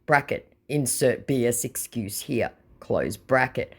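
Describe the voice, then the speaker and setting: An Australian woman with a strikingly low voice talks casually about her chats, blunt and sarcastic, with the odd swear word tossed in. She reads messages aloud as if recounting gossip. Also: lively intonation, slow, slightly rough. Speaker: scam-baiting channel host. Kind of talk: casual chat reading out messages.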